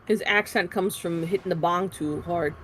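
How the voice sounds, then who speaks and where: A woman's voice: on the low side, moderate pace, fairly bright tone, a little hiss or hum. A woman with a New Jersey accent, leading a game group over voice chat and chatting with lots of fillers. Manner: chatty, explains with many fillers. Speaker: group leader. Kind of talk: casual voice chat during a game stream.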